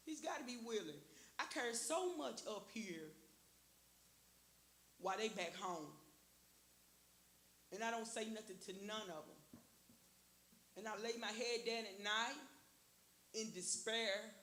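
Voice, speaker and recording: A woman's voice: fairly high pitch, a little slow, long pauses, fairly bright tone. A woman giving an earnest personal testimony in church, repeating phrases and quoting her own prayers. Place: church sanctuary. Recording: echoey church with faint hiss.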